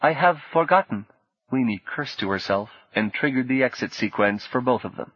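With a lowish voice and an even, measured storytelling style, a man narrates an audiobook from a script. There's no echo, and the audio is dry, dull and lo-fi.

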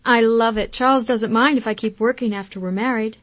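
A woman's voice: on the high side, steady tone, a little fast, fairly bright tone, dry recording, natural voice. A woman voicing a happy, newly engaged young daughter who talks eagerly and chats on the phone in an audiobook. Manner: eager and chatty. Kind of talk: audiobook character reading.

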